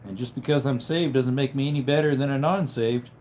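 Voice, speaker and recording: A tired man with a headache, lying in bed at home and chatting casually on a livestream while reading out viewer comments in a low-key, drowsy way that trails off. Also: fairly even intonation, fairly quick, darkish tone, slight background noise. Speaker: livestream host.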